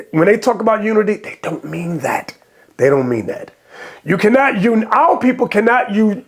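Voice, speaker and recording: Fiery, high-pitched preaching man. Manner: impassioned, bursts into shouting; quotes and explains scripture. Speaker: religious commentator. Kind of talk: preaching commentary on video clips.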